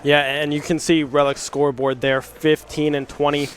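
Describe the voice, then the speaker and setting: A young man calling live college esports play-by-play, rapid and rising at big plays. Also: a little high, level tone.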